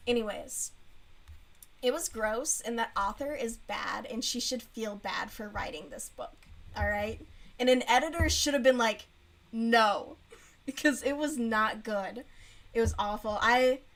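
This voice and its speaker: High-voiced woman chatting bluntly. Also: unhurried, fairly bright tone. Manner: blunt, frank, mocking book review with laughs. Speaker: streamer. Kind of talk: casual chat while crocheting.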